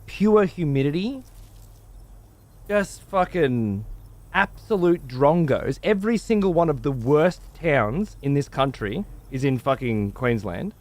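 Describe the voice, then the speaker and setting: Give me an Australian gaming streamer, foul-mouthed and mocking, with a lively, animated delivery. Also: male voice, fairly high pitch, slow. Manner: ranting, heavy swearing, mocking banter. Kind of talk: profane let's-play commentary.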